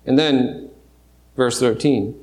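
A man's voice: mid-range voice, slow, a little mellow, reverberant. A man preaching a sermon in a church, talking through scripture in a conversational way with restarts and rhetorical questions. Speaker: pastor. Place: church sanctuary.

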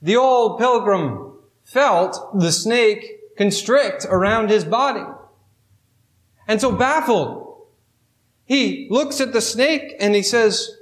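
High-voiced preacher in a roomy echo. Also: male voice, takes it slowly, fairly bright tone. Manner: storytelling, rising in pitch and emphasis as he builds. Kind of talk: sermon.

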